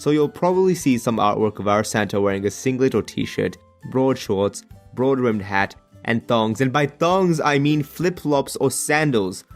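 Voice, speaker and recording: A man's voice: medium pitch, normal speed, hardly any pauses, faint music behind. Joking Australian man narrating a story. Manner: jokey, expressive, exasperated rants. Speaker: animated storyteller.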